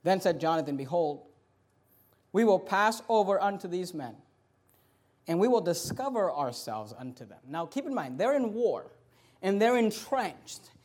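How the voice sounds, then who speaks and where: High-voiced, animated male preacher. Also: measured pace. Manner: animated preaching with acted-out quotes and sudden loud bursts; humorous asides to the congregation. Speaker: pastor. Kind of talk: sermon.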